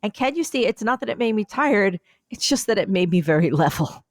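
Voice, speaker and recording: A woman co-hosting a podcast, chatting casually and telling a rambling, animated story. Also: medium pitch, a little fast, no echo. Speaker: podcast co-host. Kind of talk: casual chat.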